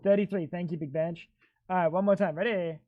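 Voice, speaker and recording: A man's voice: high-pitched, a little fast, dull audio. A male livestreamer chatting to his viewers while he plays. He rambles and gets worked up, swearing freely as he goes. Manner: excitable, swearing, rambling talk to chat. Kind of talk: casual gaming stream chatter.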